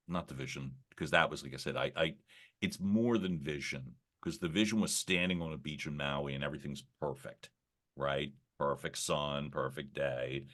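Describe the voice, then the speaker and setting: A man guesting on a podcast, talking in a reflective, rambling way with many fillers and restarts and a slightly gravelly early-morning voice. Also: a bass voice, bright, forceful tone. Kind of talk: casual conversational interview.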